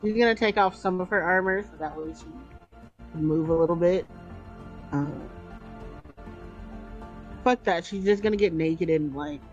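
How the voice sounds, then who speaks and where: A woman's voice: lowish voice, moderate pace, pauses often, faint music behind. Brief: casual, sweary woman player on a muffled mic. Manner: casual, rambling, swears freely. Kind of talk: casual tabletop play. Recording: dull lo-fi mic.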